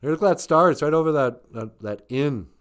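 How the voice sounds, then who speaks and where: A man voicing an ancient wise man who talks in a casual, excited way. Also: mid-range voice, normal speed, close to an everyday voice.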